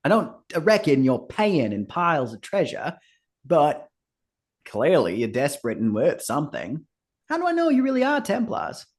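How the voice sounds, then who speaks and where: A man doing a coarse, wary smuggler woman in a tabletop game, blunt and quick to swear. She bargains in a gruff, suspicious voice, and her pitch swings upward when she presses a point. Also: huge pitch swings.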